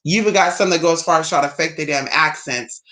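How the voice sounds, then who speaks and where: A speaker with an American accent gives a casual, blunt opinion monologue as a spiritual YouTuber, swearing freely and mocking others with sudden jumps in pitch. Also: fast, pushed and bright.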